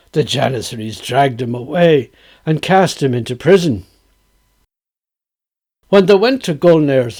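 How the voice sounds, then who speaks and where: A man with a Dublin accent reciting a tale in a measured, storytelling manner. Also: medium pitch, darkish tone.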